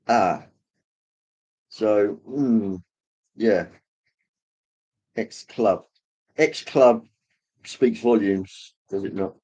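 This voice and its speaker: A man hosting a livestream, casually rambling as he reads viewer comments, with many pauses and fillers. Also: on the low side, warm tone, husky. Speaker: livestream host reading chat. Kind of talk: casual chat.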